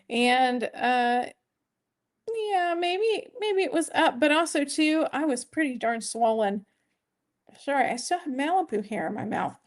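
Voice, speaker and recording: A chatty middle-aged woman talks straight to her viewers in a relaxed vlog. Her voice sits a little high for a woman. She rambles, circles back and fixes her own slips as she goes. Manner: chatty and rambling, with many fillers and self-corrections. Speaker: weight-loss vlogger. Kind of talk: casual vlog chat, reading viewer questions.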